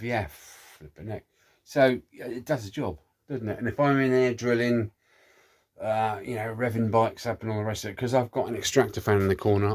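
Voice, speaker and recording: Man, lowish voice, rambling workshop chatter, cheeky, mutters to himself. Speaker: workshop vlogger. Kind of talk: casual chat while working. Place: home workshop shed.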